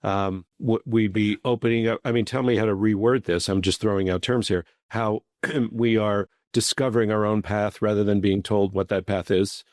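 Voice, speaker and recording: A man hosting a podcast interview thinks aloud, searching for the right words and trying out phrases as he goes. His voice is on the lower side. The sound is close and dry. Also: fairly even intonation, moderate pace, few pauses, a little mellow, no room sound. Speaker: podcast host. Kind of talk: casual interview chat.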